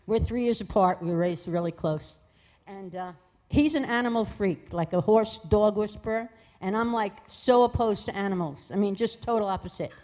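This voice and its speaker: Woman, guest, personal testimony, lively storytelling, mid pitch. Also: moderate pace, few pauses. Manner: lively, acts out voices in quoted dialogue.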